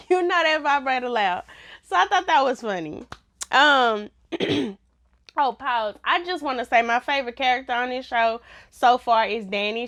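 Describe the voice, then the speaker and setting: Blunt, animated woman reviewing a show. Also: on the high side. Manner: blunt, animated, laughs often. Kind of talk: casual review vlog.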